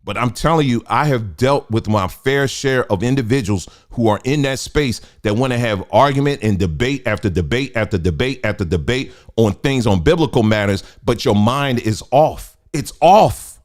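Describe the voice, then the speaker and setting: A middle-aged man, hosting a casual livestream and talking in an animated, preachy, colloquial way. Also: medium pitch, moderate pace, few pauses. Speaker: host.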